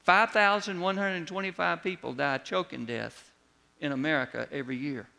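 A man preaching a sermon as a pastor, telling a personal story with lively retold dialogue and words that drop soft at the ends of lines. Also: fairly high pitch, moderate pace, gravelly. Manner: storytelling, animated when retelling, drops soft on closing words.

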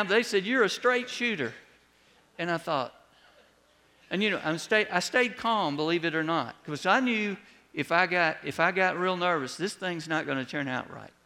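A man preaching a sermon as a pastor, telling a personal story with lively retold dialogue and words that drop soft at the ends of lines. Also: sits high. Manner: storytelling, animated when retelling, drops soft on closing words.

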